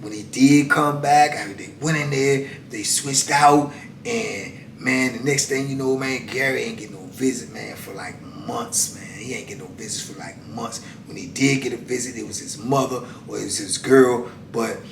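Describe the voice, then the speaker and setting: A middle-aged man telling prison stories in a casual, colloquial way, often saying "man" and swinging between loud and hushed. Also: fairly even intonation, normal speed, vocal fry. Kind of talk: casual storytelling. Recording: echoey room, mic at a distance, faint rumble.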